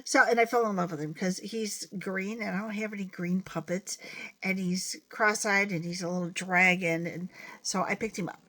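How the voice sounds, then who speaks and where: A puppetry teacher gives a chatty, playful video lesson, demonstrating with a puppet as she talks. Her medium-pitched voice is fairly bright, steady in tone, and at normal speed.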